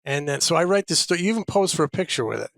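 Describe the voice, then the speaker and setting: A slightly high male voice recorded close and dry. He is a podcast co-host spinning an anecdote in animated, casual storytelling. He talks with plenty of energy. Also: rapid-fire, creaky, no room sound. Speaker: co-host, sportswriter.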